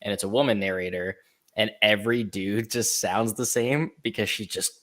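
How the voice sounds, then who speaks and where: A man with a very low voice, talking casually about books. He is blunt and teasing and drops dry asides. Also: moderate pace, a bit bright. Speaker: book video host. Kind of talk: casual chat.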